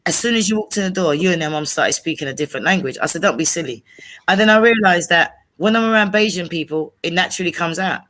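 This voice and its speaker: Brief: middle-aged East London woman, bright tone, acts out every quote in her stories. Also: on the low side, fast talker. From England. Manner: animated storyteller, acts out quoted dialogue. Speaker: panelist. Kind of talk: casual banter on a livestream.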